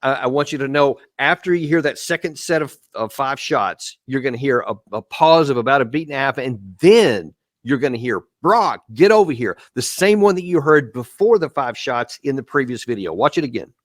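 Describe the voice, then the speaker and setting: A man's voice: mid-range voice, lively intonation, a little fast, dry recording. A man talks viewers through video clips, pressing each point with emphasis and coaching them on what to listen for. His voice sits mid-range and sounds close and dry, with no room around it. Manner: emphatic, walks viewers step by step. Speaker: show host and commentator. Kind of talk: live commentary on video clips.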